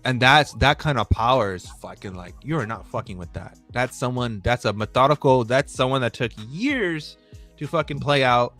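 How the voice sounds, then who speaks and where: A man's voice: mid-range voice, lively intonation, normal speed, a bit bright, faint music behind. A man co-hosting a casual chat, heated and rambling, swearing often as he presses his points. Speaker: podcast co-host.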